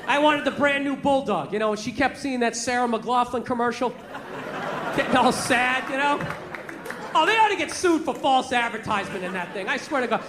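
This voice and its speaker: A man doing stand-up comedy in a loud, ranting, profane style, acting out characters in front of a laughing audience. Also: very high-pitched. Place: live venue with an audience. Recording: roomy live hall with crowd laughter.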